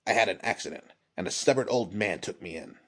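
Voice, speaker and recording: A man's voice: deep voice, animated, fast talker, a bit bright. A man voicing a proud, formal young crown prince.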